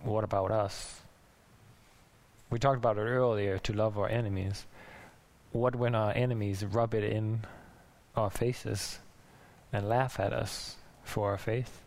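A man preaching a sermon in a conversational, musing way, restarting thoughts and now and then laughing softly. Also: fairly low pitch, fairly even intonation, measured pace. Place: church in Denmark.

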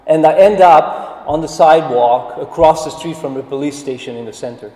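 A man preaching a sermon, telling a story slowly and deliberately, rising to emphatic swells. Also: on the high side, dark tone. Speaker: pastor. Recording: echoey hall, voice from a distance.

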